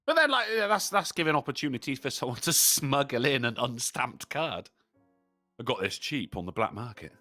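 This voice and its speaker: A man's voice: medium pitch, very animated, normal speed, pushed and bright, dry recording, faint music behind. A man in casual, jokey podcast chat, swearing freely. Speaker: podcast co-host.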